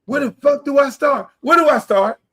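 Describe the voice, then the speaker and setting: A middle-aged man hosting a podcast, ranting loudly and boastfully, with a lot of profanity. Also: very high-pitched, normal speed. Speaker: podcast host. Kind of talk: heated casual talk.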